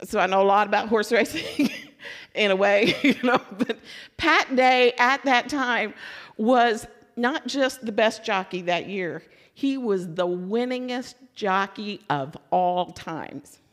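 A woman from Louisville giving a sermon as a lively personal story, acting out her own excitement and letdown. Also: medium pitch, slow pace. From Louisville, Kentucky. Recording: long hall reverb.

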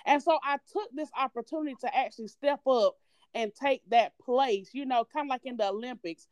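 A woman with a Southern twang talks as a podcast guest, bubbly and eager. Her voice is fairly high and smooth, and the sound is dry and close. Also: fairly quick, darkish tone, no echo. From North Carolina. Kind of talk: casual interview.

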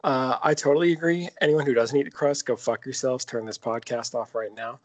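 A man's voice: mid-range voice, brisk. A man co-hosting a casual podcast, telling a story with lots of swearing. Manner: animated, profane storytelling. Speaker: podcast co-host.

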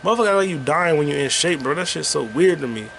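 A man's voice: on the high side, expressive, fast, gravelly, fairly bright tone, a little hiss or hum. A man hosting a rambling solo podcast while gaming, talking loosely and profanely with sing-song asides. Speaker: podcast host.

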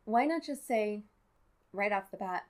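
A woman's voice: mid-range voice, animated, unhurried, darkish tone. A woman giving casual, sarcastic commentary as she recaps a movie, exasperated and nitpicking.

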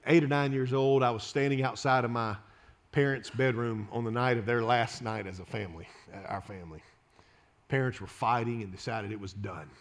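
A man's voice: mid-range voice, normal speed. A man, preaching an impassioned, pleading sermon full of repeated phrases and restarts. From Louisiana, USA. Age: 30s. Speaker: pastor.

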